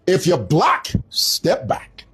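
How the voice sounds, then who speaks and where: A Zambian man in his fifties with a Zambian accent, talking through current events in a loose, storytelling way. His voice is very husky, and his pitch swings widely as he digresses from point to point. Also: wildly swooping pitch, slow, fairly bright tone. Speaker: commentator. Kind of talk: casual commentary.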